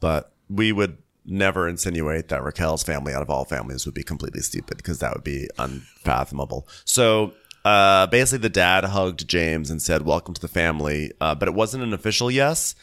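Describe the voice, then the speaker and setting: Low-voiced man, sarcastic podcast co-host. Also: expressive, brisk, hardly any pauses, fairly bright tone. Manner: sarcastic, jumps into high-pitched impressions. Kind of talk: comedic recap banter.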